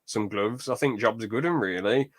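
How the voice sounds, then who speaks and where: A man hosting a podcast in casual, rambling chat, getting animated when he tells a story. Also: fairly low pitch, normal speed. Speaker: podcast host.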